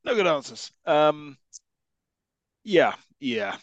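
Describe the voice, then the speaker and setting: A man co-hosting a film podcast, adding wry, deadpan remarks in casual chat. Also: a little high, slow pace, no echo, muffled recording. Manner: wry, dry, deadpan asides. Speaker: podcast co-host.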